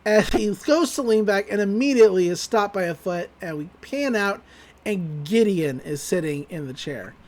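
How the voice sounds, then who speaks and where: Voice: medium pitch, lively intonation, moderate pace, darkish tone. A podcast host recapping a cartoon episode in a casual, rambling, amused way.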